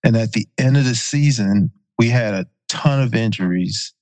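A man's voice: on the low side, normal speed, dry recording. Dry-voiced man telling a story. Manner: relaxed anecdotal retelling with fillers and self-corrections. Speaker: podcast guest, former pro football player. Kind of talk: casual storytelling.

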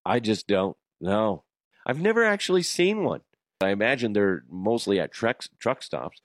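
A man's voice: on the low side, huge pitch swings, a little slow, dry recording, clean studio sound. A man reading out listener messages on a comedy podcast, amused and laughing between lines. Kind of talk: casual comedic chat.

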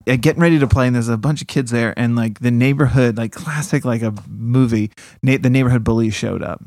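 A man's voice: medium pitch, fairly even intonation, a little fast, darkish tone, no echo, clean studio sound. A man telling childhood stories in casual chat, often laughing as he talks. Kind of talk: casual storytelling.

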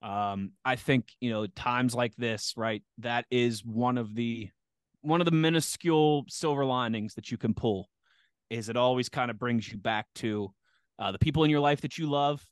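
A man co-hosting a podcast, telling an anecdote in an animated, casual way and laughing as he goes. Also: medium pitch, normal speed, smooth, no room sound, clean studio sound. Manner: animated storyteller who laughs often and acts out quotes. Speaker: podcast co-host and sports radio reporter. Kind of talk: casual storytelling chat.

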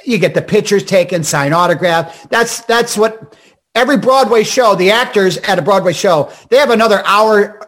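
An older man from Scranton, a comedian and actor, telling rapid, animated show-business stories with restarts and quoted voices. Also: high voice. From Scranton, Pennsylvania. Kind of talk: storytelling interview chat.

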